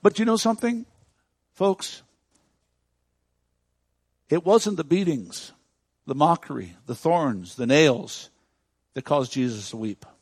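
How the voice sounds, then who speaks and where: A man preaching a sermon as a pastor, moving from quiet, close talk to loud, shouted preaching. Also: on the high side, lively intonation, slow pace, pauses often, breathy edge, dry recording. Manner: swings from hushed intimacy to loud shouting preaching. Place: church.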